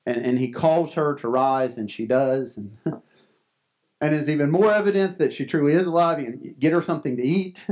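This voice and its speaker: A male pastor preaching a sermon in an earnest, conversational way, often restarting his words. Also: a little high. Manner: earnest, conversational, frequent restarts and soft laughs.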